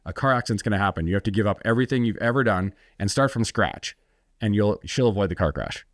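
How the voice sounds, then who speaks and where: A man's voice: fairly low pitch, expressive, quick pace, no echo, studio quality. A middle-aged man, an entrepreneur guest, telling his story bluntly and intensely in a podcast interview, swearing freely and acting out what others said.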